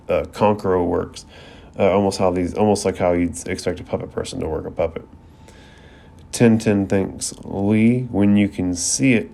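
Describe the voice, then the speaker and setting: A man's voice: low-pitched, creaky, darkish tone. A man hosting a podcast, recapping an anime episode in a chatty, slangy way full of fillers.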